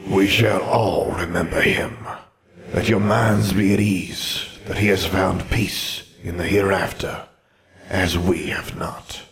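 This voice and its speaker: A man doing a grave, creaky old ghost. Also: low-pitched, fairly even intonation. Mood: solemn. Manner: slow, grave, intoning. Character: solemn ancient male ghost ancestor. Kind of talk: audiobook character voice.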